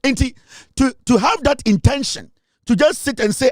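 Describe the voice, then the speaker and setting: A man's voice: very high-pitched, animated, moderate pace, dry recording, clean studio sound. A Ghanaian man giving a heated, scornful political monologue, repeating his points and slipping into Twi phrases. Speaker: political commentator.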